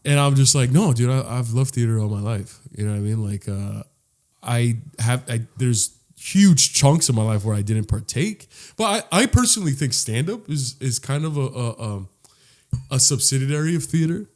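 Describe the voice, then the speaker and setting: A man's voice: medium pitch, expressive, moderate pace, darkish tone. A man co-hosting a podcast, telling a long story in a casual, rambling way full of "like"s and cussing. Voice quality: rambling, profane, with many "like"s and restarts. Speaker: podcast co-host.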